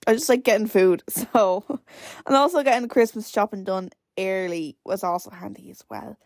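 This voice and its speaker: A nineteen-year-old woman from Ireland hosts her own solo podcast, chatting casually and rambling with plenty of "like" fillers. Her mid-range voice has a darkish tone and normal speed, captured in a dry, studio-quality recording.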